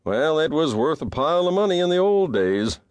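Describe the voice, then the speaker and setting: A man's voice: on the high side, very animated, normal speed, a little mellow, no echo, voice pushed up. Brief: a guarded, understated cowboy in a western audiobook, read by a male narrator, dry read. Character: grave, guarded cowboy returning home. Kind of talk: audiobook character voice.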